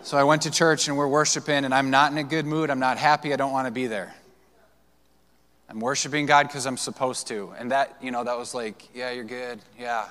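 A man preaching to his congregation in a relaxed, storytelling way, with frequent fillers and restarts. His voice sits at an ordinary middle pitch. A long church-hall reverb trails behind each phrase. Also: a little fast. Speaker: pastor. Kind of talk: sermon. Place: church sanctuary.

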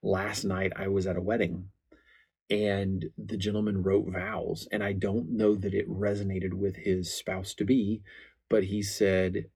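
A deep-voiced man in his forties talks earnestly about marriage from a faith angle, his tone gravelly and a little husky. He tells personal stories candidly, often restarting his sentences. His pitch stays low and fairly even throughout. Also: measured pace. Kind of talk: faith-based marriage talk.

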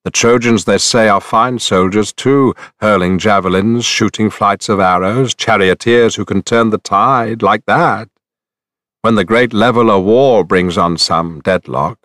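A man reading the lines of a steady warrior king who speaks gently and gravely. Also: lowish voice, a little slow, no echo, studio quality.

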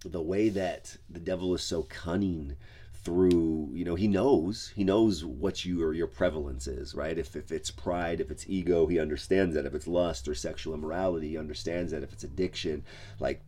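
A pastor talks through his faith in an easygoing podcast style, his voice sitting very low. He speaks in a loose, conversational way, padding his thoughts with "like" and "you know." The feel is of a man chatting rather than preaching from a pulpit. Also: moderate pace, dark tone. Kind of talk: casual devotional podcast talk.

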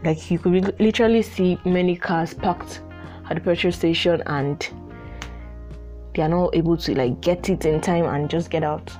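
A woman's voice: fairly low pitch, fairly even intonation, moderate pace, warm tone, soft background music. A young woman from Nigeria with a Nigerian accent, hosting her own podcast in casual solo chat, chatty with frequent "like" fillers. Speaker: podcast host.

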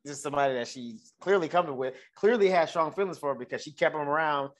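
A man co-hosting a casual chat about a TV episode, animated, laughing often and swearing freely. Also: fairly high pitch, fast. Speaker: podcast co-host.

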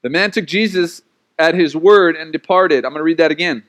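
Lively, playful man preaching. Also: on the high side, fairly quick. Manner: lively, conversational preaching with playful acted asides. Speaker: pastor. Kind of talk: sermon.

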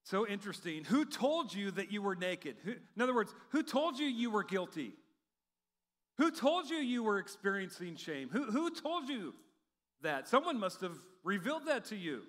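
A man preaching a sermon in an animated, humorous way, acting out quotes from the text. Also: sits high, moderate pace. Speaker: pastor. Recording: long hall reverb.

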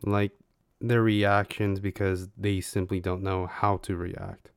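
A man's voice: deep voice, level tone, slow, clean tone, no room sound, clean studio sound. A man co-hosting a casual podcast chat, laid-back and swearing casually.

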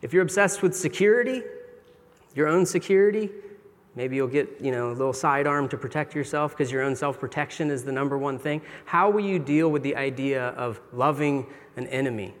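A middle-aged man preaches with earnest, confessional candor, talking to his congregation as if in conversation. His voice sits at an ordinary male pitch. It rings out with the long reverb of a large church sanctuary. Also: fairly quick. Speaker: pastor. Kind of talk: sermon.

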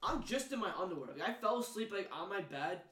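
High-voiced young man, far from the mic. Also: very animated, quick pace, bright, forceful tone, roomy sound. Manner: rambling storyteller with many "like"s. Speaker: podcast guest. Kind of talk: casual chat.

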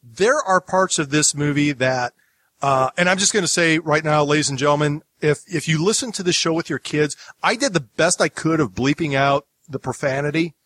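A man's voice: fairly high pitch, moderate pace, a bit bright, no echo. A man from the United States hosting a podcast, chatting casually in a rambling way with many restarts. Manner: rambling, lots of restarts and asides. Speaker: podcast host.

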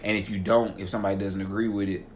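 Fast-talking man in animated banter. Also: on the low side, slight background noise. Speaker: podcast co-host. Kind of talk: casual chat on a livestream.

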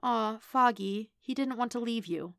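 A woman doing a soft-spoken caring young woman. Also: a little high, animated, slow pace, gravelly, no room sound, clean studio sound, pitched above the performer's own voice, heavily acted. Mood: tender. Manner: soft, murmuring.

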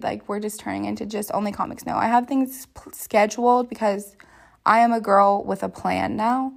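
A woman's voice: medium pitch, creaky. Brief: young woman from Florida, podcast host, loose chatty delivery full of fillers, mid-range voice. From Florida, United States. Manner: chatty, laughs often, many fillers. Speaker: podcast host, new comedian. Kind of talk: casual podcast chat.

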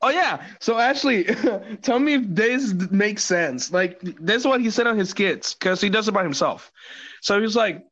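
A man's voice: high-pitched, expressive, normal speed, fairly bright tone. A young man hosting a podcast in casual chat, crude and jokey, swearing a lot. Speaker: podcast host. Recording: dull lo-fi sound, dry.

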